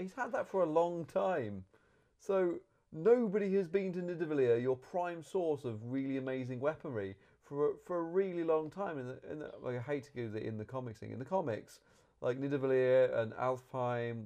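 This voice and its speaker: A man's voice: mid-range voice, clean tone. A man, chatting casually about a film as a podcast host, rambling and restarting his sentences. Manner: rambling, animated, self-correcting. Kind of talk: casual movie review chat.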